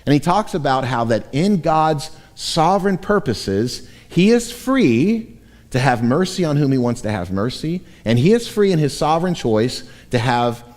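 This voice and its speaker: A man's voice: a little high, sing-song, unhurried, a little mellow. A man preaching a sermon as pastor, reading scripture and acting out the voices of imagined objectors. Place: church sanctuary. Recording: long church reverb.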